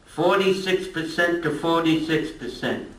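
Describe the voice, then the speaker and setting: A man's voice: on the high side, unhurried, fairly bright tone, slight background noise. An older man giving an informal history lecture, chatty and joking with his audience. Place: lecture room at a retirement community. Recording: echoey room from a distant mic.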